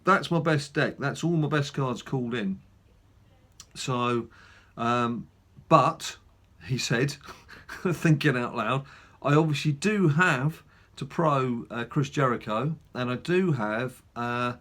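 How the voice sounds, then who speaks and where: A man's voice: mid-range voice, slow, fairly bright tone. A man hosting a gaming channel, chatting casually through a mobile game with lots of fillers and self-mocking asides.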